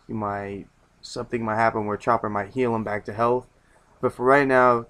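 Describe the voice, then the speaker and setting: A man's voice: mid-range voice, fairly bright tone. A man reviewing in a loose casual chat, rambling with many restarts and casual swearing.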